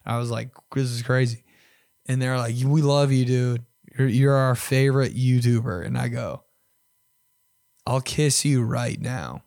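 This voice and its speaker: A young man hosts a podcast and tells crude, self-mocking stories in a loose, chatty way. His voice sits in a middle pitch and often swings between loud and hushed. The sound is dry and close, with no room echo. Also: fairly even intonation, moderate pace, gravelly. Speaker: podcast host. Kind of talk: casual storytelling.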